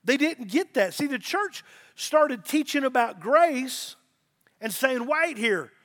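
A man's voice: extremely high pitch, lively intonation, takes it slowly, a bit bright. A middle-aged man, a pastor, preaching a sermon with emphasis and repeated phrases.

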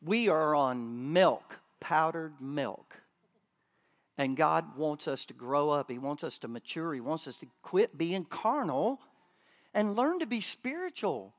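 A man preaching a sermon at a church conference, joking with the crowd and swinging between loud bursts and quiet asides. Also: on the high side, animated, slow pace.

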